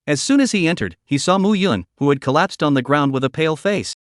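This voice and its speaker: Reading at a quick pace, an artificial male narrator delivers a story recap evenly, like a machine. He sounds somewhat high for a man, and the recording is close-miked and echo-free.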